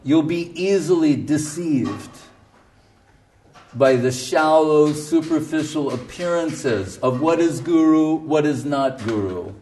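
A man's voice: a little high, expressive, slow pace, darkish tone, recorded from a distance, slight background noise. A man giving a devotional lecture as a spiritual teacher, earnest and emphatic, quoting his teacher and chanting short verses. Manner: earnest, emphatic, quotes his guru in Bengali and Sanskrit.

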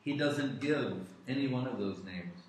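A man giving a devotional talk, earnestly recounting sacred stories with frequent pauses. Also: medium pitch, lively intonation, a little hiss or hum. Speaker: devotional speaker. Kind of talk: devotional storytelling discourse. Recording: echoey room, distant mic.

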